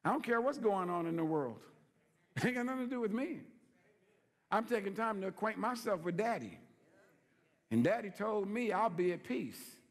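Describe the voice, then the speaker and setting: High-voiced preaching pastor in a reverberant church. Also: male voice, animated, normal speed, long pauses. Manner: folksy, playful preaching with call-and-response questions. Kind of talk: sermon.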